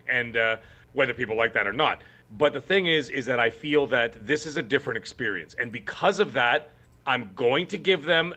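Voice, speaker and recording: A man's voice: a little high, sharp tone, highs cut off. A man co-hosting a gaming podcast, talking in an emphatic, rambling way with many restarts. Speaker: podcast co-host. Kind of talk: casual podcast chat.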